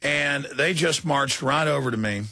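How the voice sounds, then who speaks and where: A man's voice: a little high, normal speed, creaky, pushed and bright. A middle-aged man hosting talk radio, tired after a very long broadcast, telling a story in a rambling, heated way with many restarts. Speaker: radio host.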